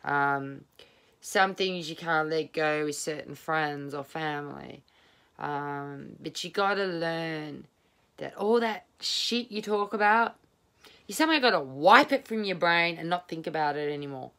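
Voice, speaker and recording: A woman's voice: sits low, a little slow, a bit bright. A woman giving a casual tarot reading at home, rambling, candid and blunt, swearing freely. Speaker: tarot reader. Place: home, at a small table.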